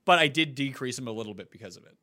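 A man's voice: medium pitch, expressive, racing, bright, forceful tone. A young man co-hosting a podcast, joking and swearing casually while talking fantasy football. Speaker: podcast co-host.

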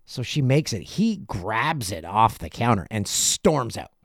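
A middle-aged man hosting a podcast, telling a casual story and acting out other people's lines in quick asides. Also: fairly low pitch, big pitch swings, creaky, a bit bright, no room sound, studio quality. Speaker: podcast host.

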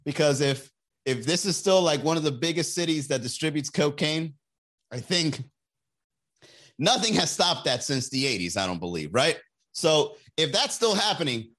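A man's voice: fairly high pitch, a bit bright. A man ranting casually and comedically as a podcast host, loose and slangy, swearing and laughing at his own jokes. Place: Miami area.

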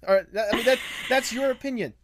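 A podcast host chatting casually, animated and laughing easily, with pitch swooping up often. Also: brisk, a little hiss or hum.

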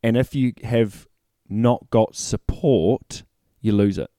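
A man co-hosting a casual rugby chat in a relaxed, agreeable way with quick quips. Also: lowish voice, dry recording, clean studio sound. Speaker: rugby podcast co-host.

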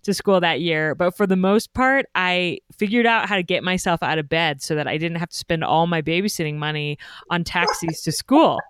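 A woman hosting a podcast, telling a childhood story in a lively way with frequent laughter. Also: fairly low pitch, moderate pace, clean tone, no echo, clean studio sound. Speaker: podcast host. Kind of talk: podcast interview.

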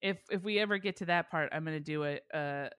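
A woman's voice: deep voice, fast talker, fairly bright tone, smooth. A woman hosting a casual true-crime podcast, self-deprecating and laughing often. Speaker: podcast host. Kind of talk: casual chat.

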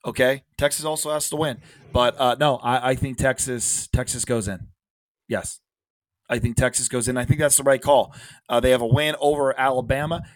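A man's voice: mid-range voice, fairly even intonation, normal speed, dry recording. Emphatic man co-hosting a podcast. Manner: emphatic, restarts often, punctuates with "all right". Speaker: podcast co-host. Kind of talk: casual sports podcast chat.

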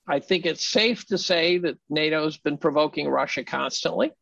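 A man's voice: a little high, creaky, a bit bright, dry recording, muffled recording. A man speaking as a podcast guest in casual conversation, emphatic and argumentative.

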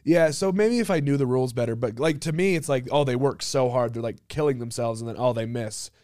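A man's voice: medium pitch, a little fast, a little mellow, no echo, studio quality. A man from the United States co-hosting a casual podcast, opinionated and loose, with lots of "like" and "you know". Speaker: podcast co-host. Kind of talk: casual chat.

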